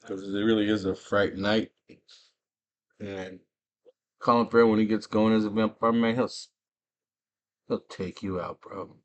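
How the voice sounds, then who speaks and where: A man's voice: fairly low pitch, steady tone, unhurried, long pauses, highs cut off. A man hosting a movie chat from home, retelling a plot in a laid-back, slangy way. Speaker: movie review vlogger. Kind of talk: casual chat.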